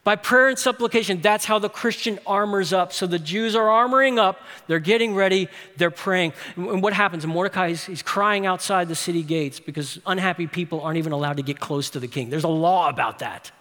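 A man preaches in a church sanctuary, his voice sitting high for a man. He builds to loud, urgent peaks, then drops into hushed, low asides. A long reverb from the hall trails each phrase. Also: a little fast, hardly any pauses. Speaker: pastor. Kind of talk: sermon.

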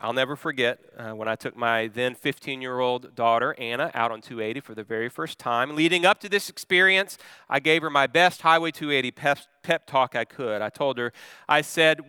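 A middle-aged man, a pastor, preaching a sermon and telling a personal story in an expressive way that swings from calm to loud. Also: mid-range voice, normal speed, smooth, dry recording.

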